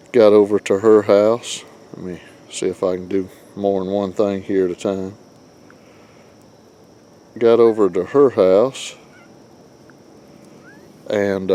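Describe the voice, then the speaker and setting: This middle-aged man hosts a casual vlog from beside a grill in the predawn dark, rambling folksily and poking fun at himself. His voice runs fairly low and a little mellow, with faint outdoor sounds behind it.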